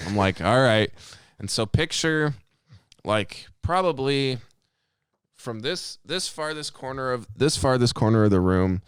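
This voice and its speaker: Man, very low voice, smooth and dry, animated profane storyteller for a casual podcast. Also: moderate pace, dry recording. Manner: animated storyteller, heavy swearing, acts out quotes. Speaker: podcast co-host.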